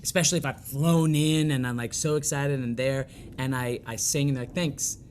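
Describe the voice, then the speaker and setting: A man's voice: mid-range voice, fairly even intonation, brisk, darkish tone, a little hiss or hum. A man guest on a podcast, chatting casually and thoughtfully about auditions and acting work. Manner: reflective, tells audition stories with acted quotes. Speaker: guest choreographer and performer. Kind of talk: casual interview chat.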